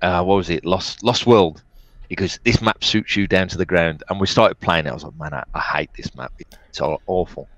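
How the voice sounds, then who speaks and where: A man, an esports player, telling lively stories as an interview guest and laughing now and then. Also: low-pitched, moderate pace, dry recording. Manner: animated anecdotes, laughs often, quotes others. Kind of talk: casual storytelling.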